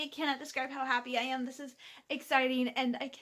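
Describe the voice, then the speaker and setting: A young woman chats straight to her camera in a casual vlog. Her voice sits high and bright, and she gushes and giggles, leaning on "like" fillers throughout. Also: flat delivery, quick pace. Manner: gushing, giggly, full of "like" fillers. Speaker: vlogger.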